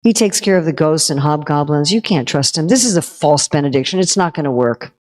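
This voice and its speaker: A cunning male god in disguise, all honeyed flattery and fake concern, as a woman puts him on. His voice sits higher than her own and slows right down when he fusses over the demon. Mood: coaxing. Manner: sweet, coaxing, conspiratorial.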